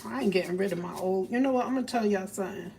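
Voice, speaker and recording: A woman's voice: mid-range voice, rapid-fire, gravelly. Joking profane woman livestreaming from a kitchen. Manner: loose, joking, profane, laughs often. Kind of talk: casual livestream chat while cooking. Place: home kitchen. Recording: distant phone mic with background noise.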